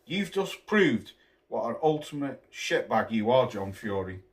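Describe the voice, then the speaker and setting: A man's voice: mid-range voice, sing-song, unhurried. A man ranting to camera as a boxing vlogger, scornful and full of swearing and name-calling. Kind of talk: angry rant to camera.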